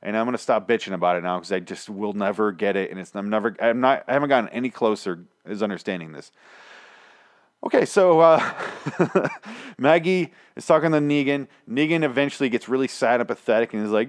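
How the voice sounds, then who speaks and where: A man's voice: mid-range voice, fairly quick, no echo. Man ranting through a show recap, profane and rambling, dry close sound. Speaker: podcast host recapping a TV episode. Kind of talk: casual recap chat.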